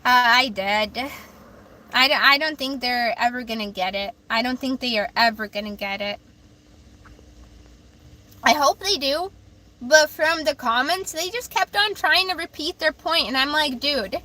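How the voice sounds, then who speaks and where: A bright, high-pitched woman streamer talks straight to her chat. She sounds heated and emphatic, swears freely and hammers the same points again and again. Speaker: livestream host. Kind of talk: livestream talk reacting to chat.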